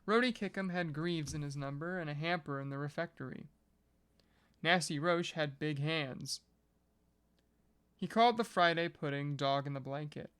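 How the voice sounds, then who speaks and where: A reader reading a classic novel aloud in a smooth, resonant voice. The delivery is measured and steady at a mid pitch, with the occasional casual, joking aside. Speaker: podcast reader.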